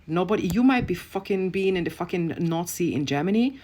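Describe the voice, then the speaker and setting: A woman rants to camera in a husky, lowish voice. She is blunt and profane, leaning hard on each point with emphatic repetition. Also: animated, fairly quick, a little mellow. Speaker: online commentator. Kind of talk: impassioned rant to camera.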